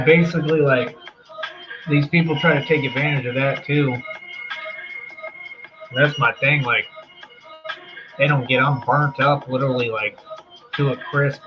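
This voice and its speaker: A man hosting a livestream, ranting in a brash, profane, casual way. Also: mid-range voice. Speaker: livestream host. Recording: dull lo-fi stream audio with music.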